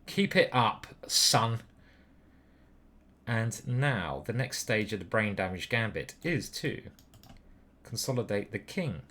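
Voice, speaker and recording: A young British man talks through his own online chess games. He is cheeky and foul-mouthed, trading loud whoops for quiet mutters. His voice is bright and forceful, with pitch that leaps around in animated swings. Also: slow, long pauses. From Britain. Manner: playful, cheeky and profane, with sudden loud whoops and muttered asides. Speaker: chess grandmaster streamer.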